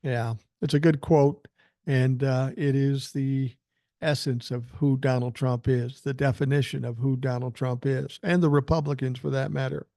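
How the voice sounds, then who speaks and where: A man's voice: mid-range voice, fairly even intonation, moderate pace, mellow, no echo, clean studio sound. An older man hosting a political podcast, reading listener emails aloud and answering them in a blunt, emphatic way that includes swearing. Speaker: podcast host.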